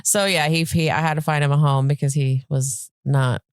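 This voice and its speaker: A woman in her forties co-hosting a casual podcast, talking in an animated way and telling stories about her cat. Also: sits low, moderate pace, smooth, no echo, studio quality. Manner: animated, acts out her cat's voice. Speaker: podcast co-host. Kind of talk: casual chat.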